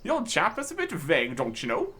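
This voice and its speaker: A pompous old knight commander in a game, posh and blustery, his pitch swinging high and low, as a man puts him on. The voice is lively and full of bluster. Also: a little fast, exaggerated voice. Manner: posh, blustery, tacks on "what?".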